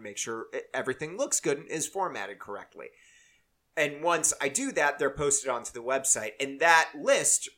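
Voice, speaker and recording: A man chatting on a podcast, taking his time and circling back on himself as he goes. His voice is bright and a little tense, and he cracks jokes along the way. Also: mid-range voice. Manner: rambling, joking, self-interrupting. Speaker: podcast co-host. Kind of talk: casual chat.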